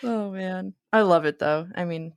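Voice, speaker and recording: A woman's voice: on the low side, unhurried, clean tone, no room sound. Woman co-host with dry close sound. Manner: expressive, exclamatory reactions. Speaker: podcast co-host. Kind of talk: casual film podcast chat.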